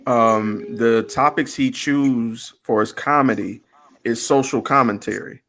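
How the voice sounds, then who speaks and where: A man's voice: medium pitch, steady tone, measured pace, a bit bright. A man hosting a casual chat show, explaining his views at length in a thoughtful way. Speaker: podcast host.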